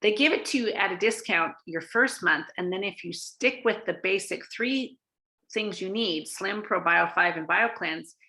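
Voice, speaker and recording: A woman's voice: medium pitch, moderate pace, bright, forceful tone. A woman from Canada giving a casual sales training talk, chatty, with many fillers and restarts.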